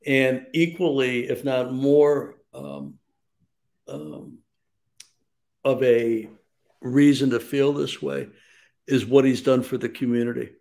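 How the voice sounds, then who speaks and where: An older man speaking as a guest on a sports radio interview, recounting things in a steady, measured way. His talk is full of "um" and "you know" as he works through his stories, at an ordinary middle pitch. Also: vocal fry. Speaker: baseball executive guest.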